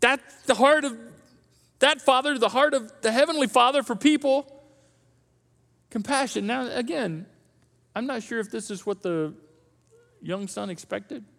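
A man preaching a sermon in a conversational, animated storytelling manner. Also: very high voice, measured pace, vocal fry, pauses often, in a large hall. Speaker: pastor. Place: church auditorium.

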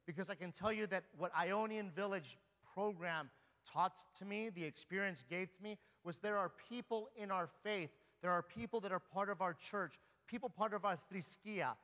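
A man's voice: high voice, normal speed, sharp tone. A man preaching a sermon as an Orthodox priest in a church, speaking earnestly and pressing his listeners with repeated rhetorical questions. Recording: long reverb of a large hall.

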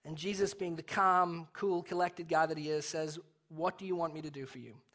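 A young adult man with an English accent, preaching a sermon in a relaxed, conversational, storytelling way with self-deprecating humor. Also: on the high side, normal speed. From England. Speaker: pastor.

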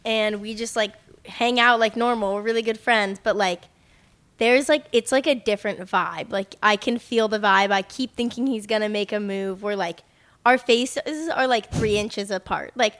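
A woman's voice: medium pitch, moderate pace, a bit bright. A young woman co-hosting a podcast, chatting casually in a playful, giggly way. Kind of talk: casual chat.

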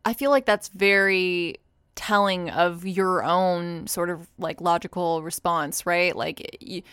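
Animated woman podcast co-host. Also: takes it slowly, clear, resonant tone, no room sound, studio quality. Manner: animated, acts out quotes in higher voice. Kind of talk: casual chat and storytelling.

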